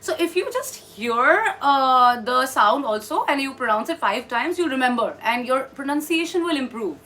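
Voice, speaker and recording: A woman's voice: high voice, animated, normal speed, pushed and bright. A woman gives an online pronunciation lesson, explaining patiently step by step and repeating words for practice. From India. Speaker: English pronunciation trainer. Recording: slightly distant mic with faint background noise.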